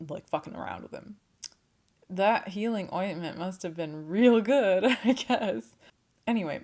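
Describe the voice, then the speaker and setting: A woman's voice: mid-range voice, a little mellow. A young woman casually retelling a folktale, chatty and swearing, with laughing asides and playful voiced quotes. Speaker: storyteller and channel host.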